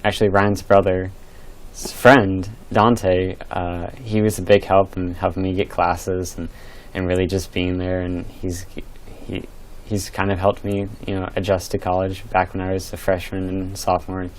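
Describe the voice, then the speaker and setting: A man's voice: deep voice, monotone, moderate pace, poor audio. A young man, a graduating student, earnestly thanking his family and teachers in an interview, with some fillers. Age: late teens. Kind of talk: interview answers.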